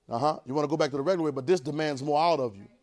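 A man with a slightly high voice preaches a sermon, urging the congregation to repeat lines after him. He swings between quiet, drawn-out passages and loud bursts.

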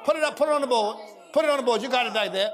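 A man preaching a sermon, shouting and drawing call-and-response from his congregation. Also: very high voice, very fast, background noise. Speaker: pastor. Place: church service. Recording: live church audio with crowd responses.

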